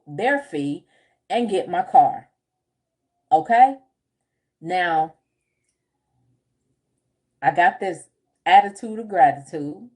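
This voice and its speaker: Woman host, unhurried delivery, mellow tone, chatty storyteller who laughs often. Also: mid-range voice. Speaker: group home business coach. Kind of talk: casual livestream talk, reading viewer comments.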